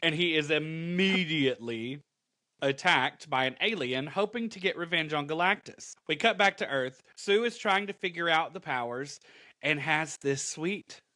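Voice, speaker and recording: A man co-hosting a comic chat, telling the story with dramatic flair and quick asides. His voice sits a little high and sounds bright and forward. The recording is close and dry. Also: lively intonation, no echo. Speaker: comic book podcast co-host. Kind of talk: casual chat recapping a comic.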